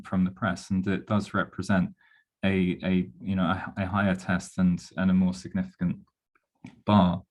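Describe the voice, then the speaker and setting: A man giving an analytical, step-by-step talk as a speaker on an online webinar, heard over a video call. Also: low voice.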